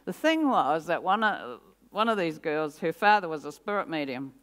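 An older woman, a guest speaker at a church service, shares her personal testimony in a lively way, acting out her own reactions and laughing often. Her voice is low-pitched and her pace moderate.

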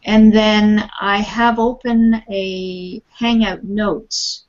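A woman's voice: mid-range voice, little pitch movement, very slow, a little mellow. A woman with a Canadian accent teaching an English lesson online, encouraging her students and modelling words carefully. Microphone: video call. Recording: dull lo-fi online call audio.

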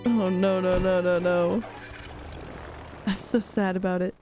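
A woman's voice: lowish voice, steady tone, unhurried, warm tone, faint music behind. A young woman live-streaming a game, chatting casually in a bubbly, giggly, rambling way and reacting to chat.

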